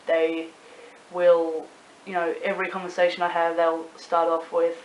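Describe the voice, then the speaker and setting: A young Australian woman talks straight to the camera in a loose, rambling vlog, swearing often and stacking up ums and likes. Her voice sits a little low. The room is echoey, with a faint hiss underneath. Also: little pitch movement, a little slow. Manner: chatty, swears freely, rambling with many fillers. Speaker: YouTuber and club promoter. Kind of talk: casual talking-to-camera vlog.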